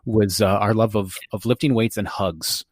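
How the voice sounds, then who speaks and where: A man's voice: lowish voice, steady tone, moderate pace, no room sound, clean studio sound. A man in his forties from the United States hosting a podcast, chatting casually in a jokey, self-deprecating way. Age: 40s. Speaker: podcast host.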